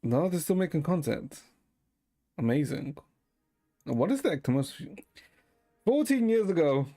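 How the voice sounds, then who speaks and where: Male streamer, deadpan and rambling, slightly high voice. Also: unhurried, faint music behind. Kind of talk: casual chat with viewers.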